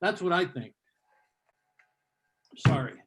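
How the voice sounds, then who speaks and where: Older male comic with a sardonic, mock-hostile delivery and a slightly raised pitch, working a live crowd. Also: sing-song, takes it slowly, fairly bright tone, slightly rough. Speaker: stand-up comedian. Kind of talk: stand-up comedy set. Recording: live comedy club with audience.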